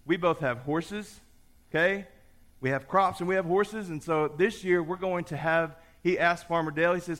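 A man preaching a sermon, telling a story with lively voices for the characters before turning to scripture. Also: a little high, normal speed. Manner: animated storyteller, acts out the characters. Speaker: pastor.

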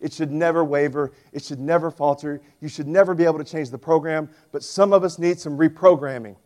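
A man in his forties preaching a sermon as pastor, with animated, emphatic storytelling. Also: a little high, a little fast.

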